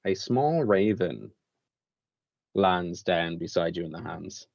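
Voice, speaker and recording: A man narrating a tabletop game as game master, with relaxed, lively description. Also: low voice, slow, vocal fry, no room sound, lo-fi sound.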